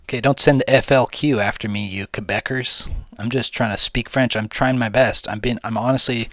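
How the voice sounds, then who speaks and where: A man's voice: mid-range voice, steady tone, a little fast, fairly bright tone, no echo. A young man giving casual, rambling gameplay commentary, slangy, jokey and swearing freely. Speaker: gaming video host.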